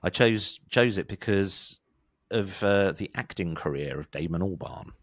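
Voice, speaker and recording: A man's voice: low voice, expressive, measured pace. A man co-hosting a music podcast in casual chat, rambling, restarting and laughing often. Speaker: podcast co-host.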